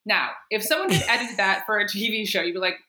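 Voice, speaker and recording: A woman guest on a podcast, talking in a lively, expressive way and laughing often. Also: medium pitch, quick pace, a little hiss or hum. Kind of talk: casual chat. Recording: roomy echo.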